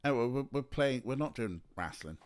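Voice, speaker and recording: A man's voice: mid-range voice, expressive, moderate pace. Chatty let's-play streamer man. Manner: chatty, laughs often, talks to chat. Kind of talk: casual let's-play commentary.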